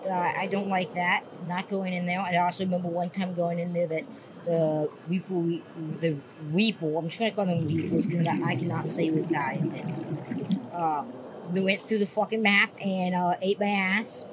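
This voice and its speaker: Woman, gaming commentary, rambling, swearing, jumpy, clear background noise. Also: fairly low pitch, steady tone, normal speed. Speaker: gaming YouTuber. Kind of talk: casual gameplay commentary.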